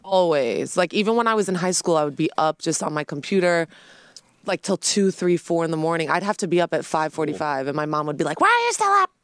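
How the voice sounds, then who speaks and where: A woman's voice: low-pitched, fairly quick, smooth, no echo. A woman in a casual group chat, blunt and sarcastic.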